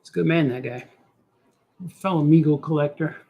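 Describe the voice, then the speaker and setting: A middle-aged man hosts a drawing stream, rambling in a goofy, self-talking way. His voice sits a touch high and carries a husky edge. He drifts from joke to joke as if nobody were listening. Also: fairly quick, mellow. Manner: goofy, talks to himself, does silly voices. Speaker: cartoonist host drawing on stream. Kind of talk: rambling casual chat while drawing.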